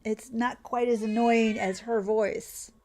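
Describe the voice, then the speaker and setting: A woman's voice: a little high, steady tone, darkish tone, a little hiss or hum. A woman hosting a casual gameplay vlog who chats and exclaims as she plays. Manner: chatty and exclamatory, quick laughs. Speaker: gaming channel host.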